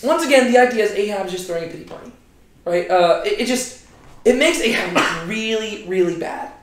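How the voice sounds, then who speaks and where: A man's voice: sits high, brisk. A young man teaching a casual Bible lesson in a chatty way, tagging lines with "right?". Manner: chatty, keeps asking right?. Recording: very echoey room.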